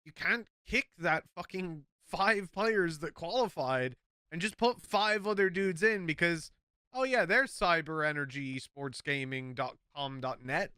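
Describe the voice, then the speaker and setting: A man's voice: fairly high pitch, a little slow, pushed and bright, clean tone, dry recording, clean studio sound. An Irish man, an esports caster, talking bluntly and emphatically in casual podcast chat, swearing freely.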